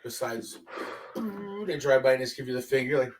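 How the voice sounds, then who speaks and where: A man chatting casually and telling stories, animated and profane, acting out what people said. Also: medium pitch, normal speed. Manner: animated storyteller, swears a lot, acts out quotes loudly. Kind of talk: casual chat.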